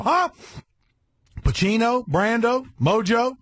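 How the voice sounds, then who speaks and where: A man hosting a satellite radio show, ranting in a brash, profane monologue with sudden shouted bursts. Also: high-pitched, sing-song, moderate pace, husky, dry recording.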